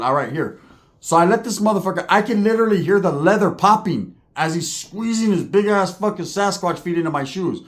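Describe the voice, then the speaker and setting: A man in his forties telling a street story in a profane, slangy, animated way. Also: sits high.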